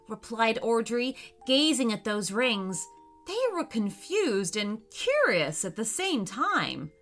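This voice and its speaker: A woman narrating a children's story in a slow, expressive way. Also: a little high, faint music behind.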